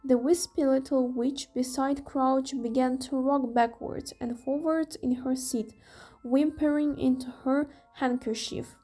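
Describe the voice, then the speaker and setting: A young woman narrates a novel in careful, measured phrases. Her voice is high and she reads slowly. Soft music plays faintly behind. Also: steady tone. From Ukraine. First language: Ukrainian. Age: young adult. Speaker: student reader. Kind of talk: audiobook narration.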